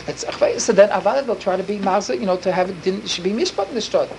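Fast-talking man telling a story with inflection. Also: high-pitched, gravelly, a little mellow, a little hiss or hum, rough recording. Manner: rapid, breathless, full of Yiddish and Hebrew words. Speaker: storyteller for children. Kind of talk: animated storytelling.

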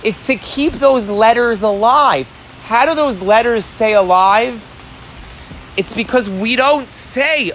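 Male Talmud teacher, outdoors, bright, high voice, animated delivery with Hebrew phrases, faint traffic behind. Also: takes it slowly, poor audio. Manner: animated, asks rhetorical questions, mixes Hebrew and Aramaic phrases. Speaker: Torah teacher. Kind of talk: Talmud class. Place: outdoor class in the rain.

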